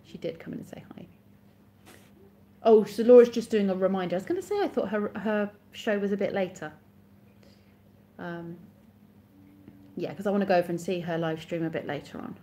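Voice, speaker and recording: Chatty woman, mellow voice. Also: medium pitch, brisk. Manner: chatty, reads out and answers viewers' comments. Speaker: live streamer. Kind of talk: casual live-stream chat with viewers.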